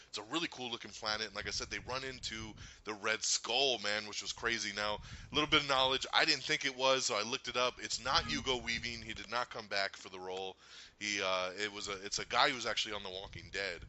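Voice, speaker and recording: A man hosting a casual movie review chat, excitable and swearing, acting out quotes in funny voices. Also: fairly low pitch, a little fast, dull audio. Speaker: podcast host.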